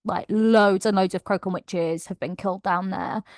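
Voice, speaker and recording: A woman's voice: medium pitch, normal speed, dry recording. A woman book vlogger giving a casual, emotional and gushing plot recap. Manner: emotional, gushing and animated retelling.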